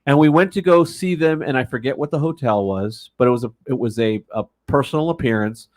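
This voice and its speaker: A man's voice: medium pitch, fairly quick, a little mellow. A man co-hosting a casual chat, chuckling and chiming in with short agreeing remarks and his own memories. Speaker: co-host.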